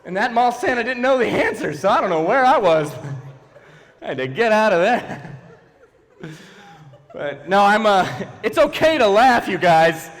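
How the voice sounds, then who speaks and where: A man doing stand-up comedy in a church hall, animated and quick to switch into voices for the people he quotes. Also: high voice. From Philadelphia. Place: large church hall before a live audience. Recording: echoey hall.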